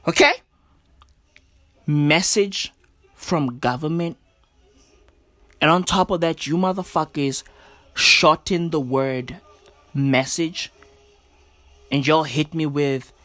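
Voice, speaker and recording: A woman's voice: fairly low pitch, dry recording, studio quality. A young woman, ranting in an exasperated, swearing comic monologue. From South Africa. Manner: exasperated, swearing, repeats slang "bruv". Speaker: comedian. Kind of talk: stand-up style rant.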